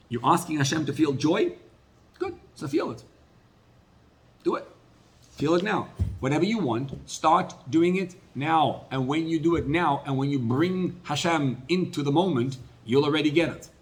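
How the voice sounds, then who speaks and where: A man, a rabbi, giving a sermon, rising to loud emphatic peaks and then dropping to quiet asides. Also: medium pitch.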